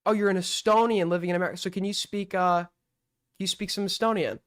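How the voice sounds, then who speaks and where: A man's voice: sits high, steady tone, quick pace, a bit bright, smooth. A young man hosting a live stream with call-ins, casual and mocking as he accuses a caller.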